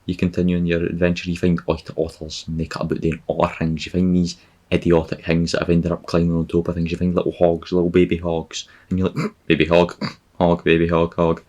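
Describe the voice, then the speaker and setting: Scottish guy with a real low voice, sarcastic, swears a lot, rambling podcast bit. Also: monotone, fast, mellow, slightly rough. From Scotland. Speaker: podcast host. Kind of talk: comic travel monologue.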